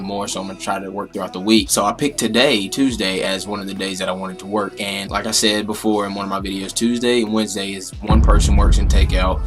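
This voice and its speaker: A young man in his late teens with a fairly low voice tells stories from his job in a loose, slangy vlog chat. He talks casually, with plenty of restarts. Faint music plays underneath. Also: fairly bright tone. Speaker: vlogger.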